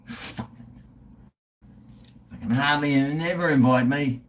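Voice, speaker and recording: A man's voice: medium pitch, animated, slow pace, long pauses. A man hosting a casual livestream chat, laid-back and swearing freely while drinking. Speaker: livestream host.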